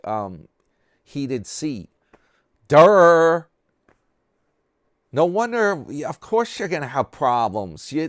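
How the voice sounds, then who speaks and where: A man's voice: mid-range voice, clean tone, no room sound, studio quality. A man hosting a commentary channel, talking casually and sarcastically in a rambling way about another creator.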